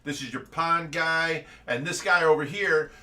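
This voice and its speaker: Unhurried and somewhat high in pitch, the show host from Ohio tells lively stories on a casual live stream, laughing often. He's captured on a distant mic.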